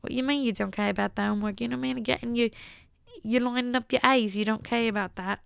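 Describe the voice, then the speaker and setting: A woman's voice: a little high, fairly even intonation, fast talker, gravelly, clear, resonant tone, dry recording, studio quality, pitched above the performer's own voice. A woman mimicking brash British teenagers trading slang in a mock accent.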